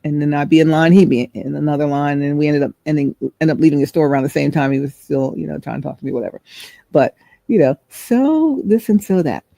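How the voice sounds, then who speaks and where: A woman's voice: deep voice, fast, vocal fry, dark tone, dry recording. A middle-aged woman hosting a vlog, telling a chatty, rambling story and searching for words as she goes. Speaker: host.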